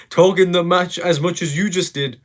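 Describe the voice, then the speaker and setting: A man hurls profane insults in a game voice chat, mocking and relentless. His voice sits high for a man. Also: steady tone, a little slow. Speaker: gamer in a voice call. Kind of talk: casual trash talk.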